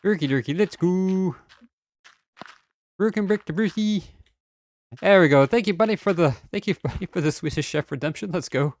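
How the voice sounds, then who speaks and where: A man chatting casually and playfully on a game stream, excitable and fond of silly sing-song bits. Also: high-pitched, moderate pace, long pauses.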